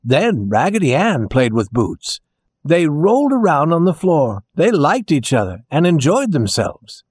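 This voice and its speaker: A man narrating a children's storybook in a slow, gentle, expressive way. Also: fairly high pitch, slightly rough, no echo.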